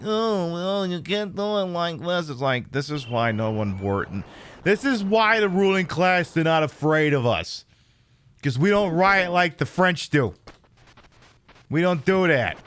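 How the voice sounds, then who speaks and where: A man's voice: fairly high pitch, a little hiss or hum. A man streaming a video game, trash-talking the opponents with lots of swearing. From United States. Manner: trash-talking, profane, excitable. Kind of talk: live gameplay commentary.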